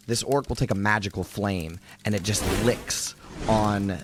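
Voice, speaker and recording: A man narrating a tabletop role-playing game as dungeon master, describing scenes in a lively way. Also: fairly low pitch, a little slow, hardly any pauses, a little hiss or hum.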